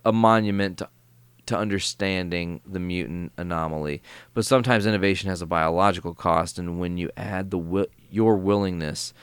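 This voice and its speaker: A man reading aloud as a cold, polite male robot villain who speaks in a calm, formal, mock-apologetic way. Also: low voice, smooth, dry recording, close to an everyday voice. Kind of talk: reading comic dialogue aloud.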